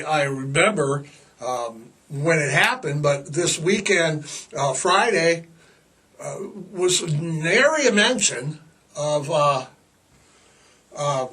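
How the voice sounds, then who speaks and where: Slow and meandering, this sixty-something podcast host talks on his own in a bright, high voice, stretching words for effect and joking sarcastically throughout. The sound is a little distant since he's set back from the microphone.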